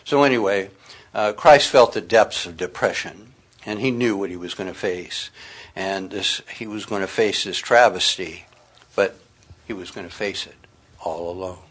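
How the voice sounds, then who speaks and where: A man's voice: lowish voice, normal speed, fairly bright tone, husky. A middle-aged man preaching a sermon, reading scripture aloud and speaking with earnest emphasis.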